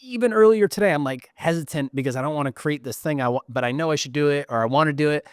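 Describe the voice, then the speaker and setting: A man's voice: mid-range voice, fairly even intonation, fast talker, smooth, no echo, studio quality. A man hosting an interview show who asks questions and encourages his guest in a casual way. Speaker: host.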